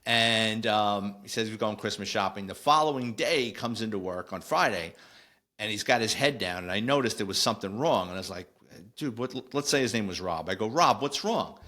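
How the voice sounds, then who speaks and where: A middle-aged man, telling a casual, animated story on a podcast with lots of digressions. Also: lowish voice, fairly quick. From New York. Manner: animated, digressive, acts out quoted voices. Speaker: podcast host, former police officer.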